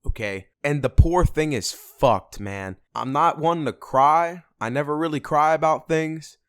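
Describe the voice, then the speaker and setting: A young man telling a story on a casual vlog, animated and swearing a lot. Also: medium pitch, smooth, no echo, clean studio sound. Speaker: vlogger.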